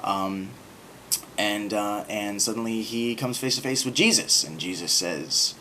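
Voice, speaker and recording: A man's voice: on the low side, measured pace, pushed and bright, slight background noise. A man talking casually to camera in a rambling, sarcastic monologue with lots of filler words. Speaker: video blogger.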